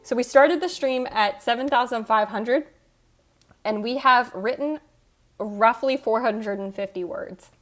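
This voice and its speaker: A woman hosting a casual livestream, reading chat aloud and teasing viewers with frequent laughs. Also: a little high. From United States. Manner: teasing, quick, laughs often. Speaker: livestream host. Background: soft background music.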